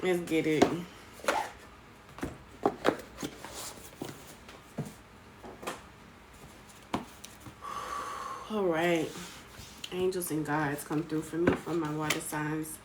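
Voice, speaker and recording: A woman's voice: sits low, steady tone, extremely slow, pauses often. A woman hosting a casual live tarot stream, greeting viewers by name and calling them sweetheart. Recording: noisy home recording.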